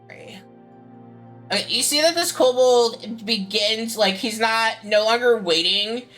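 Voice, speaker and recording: A woman's voice: on the high side, slow, fairly bright tone, soft background music, poor audio. A woman narrating as game master of a tabletop game, loose and rambling with lots of fillers.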